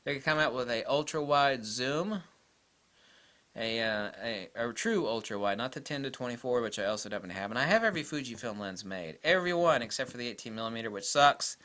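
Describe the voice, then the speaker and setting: A man's voice: medium pitch, animated, brisk, fairly bright tone. A man talking casually in an opinionated, digressive way as he reviews cameras at a table, now and then mocking imagined critics in exaggerated voices. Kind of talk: casual rambling camera vlog.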